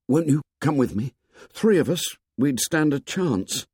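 A man's voice: medium pitch, expressive, unhurried, a little mellow, slightly rough, dry recording, studio quality, pitched above the performer's own voice. A man voicing a lonely hunted boy who talks in a thick, breathless, whispering way, in a storybook reading. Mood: desperate.

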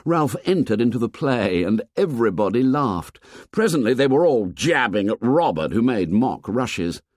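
A man narrating a novel aloud in a measured, expressive storytelling manner. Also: medium pitch, no room sound, studio quality. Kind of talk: audiobook narration.

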